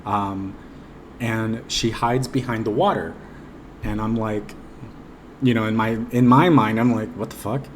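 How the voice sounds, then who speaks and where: A man's voice: on the low side, steady tone, measured pace, pauses often, slight background noise. A man casually retelling a dream in a rambling, hesitant way, full of ums and restarts. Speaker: vlogger recounting a dream. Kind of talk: casual personal storytelling.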